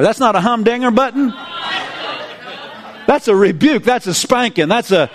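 A man preaching a sermon in an animated, folksy way, with laughing asides. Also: very high voice, normal speed, pauses often, some chatter behind.

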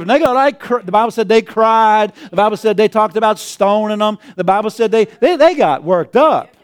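A man's voice: sits high, normal speed, smooth. A male pastor preaching a sermon, often chuckling and calling out to the congregation. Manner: chuckling, call-and-response.

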